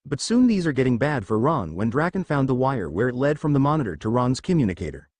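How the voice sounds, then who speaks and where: A man reading a fan fiction story aloud and voicing its characters in his own voice, with a halting delivery. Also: mid-range voice, sing-song, darkish tone, dry recording. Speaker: narrator.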